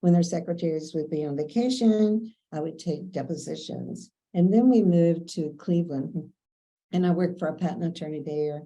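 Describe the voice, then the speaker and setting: A woman's voice: low voice, moderate pace, dark tone, rough recording. An older woman from Kentucky, telling chatty stories from her working life and acting out the dialogue in them. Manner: chatty, anecdotal, quotes others in dialogue. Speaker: interviewee. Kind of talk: casual storytelling.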